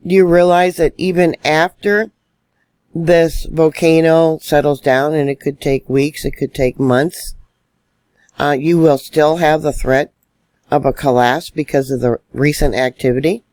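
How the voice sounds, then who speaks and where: A man's voice: on the high side, steady tone, a little slow, a little mellow, no room sound. A man giving solo online news commentary, indignant and emphatic as he stresses warnings.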